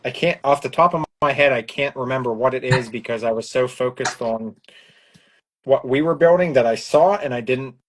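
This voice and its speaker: Man, co-host, casual building chat, easygoing, thinks out loud. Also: medium pitch, fairly quick.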